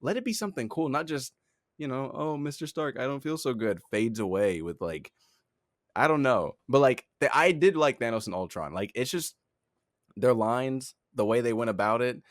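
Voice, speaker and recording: A man's voice: mid-range voice, animated, normal speed, no echo. Young man, casual podcast chat, rambling, laughing, lots of fillers, dry close recording. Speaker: podcast co-host, head of talent.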